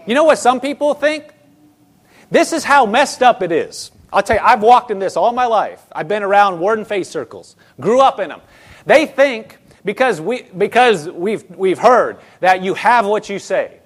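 A high-pitched man delivering a sermon, animated and conversational. He stumbles and restarts as he talks straight to his congregation, like a pastor chatting from the pulpit. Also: normal speed. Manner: acts out quoted people in his own voice.

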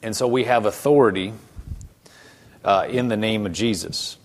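Lower-voiced man preaching conversationally. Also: normal speed. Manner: retells stories with restarts and asides to the congregation. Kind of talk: conversational sermon teaching. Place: church meeting with a live congregation.

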